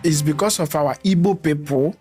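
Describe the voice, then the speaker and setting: Fast-talking Nigerian man, high-pitched. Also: slightly rough. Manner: animated, argumentative, fast-talking. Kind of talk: casual political discussion. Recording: faint music underneath.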